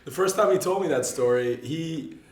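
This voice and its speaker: A man hosting a casual chat, amused and quick to chuckle. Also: fairly high pitch. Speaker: show host. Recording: echoey room.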